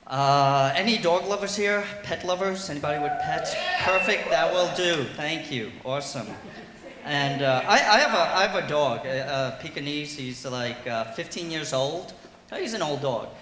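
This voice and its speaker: Animated bright-voiced male comedian. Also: fairly high pitch, moderate pace, a little hiss or hum. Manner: animated, shifts into loud yelling voices for bits. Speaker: stand-up comedian. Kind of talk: stand-up comedy set. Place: brewery comedy stage, roomy hall. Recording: echoey hall recording.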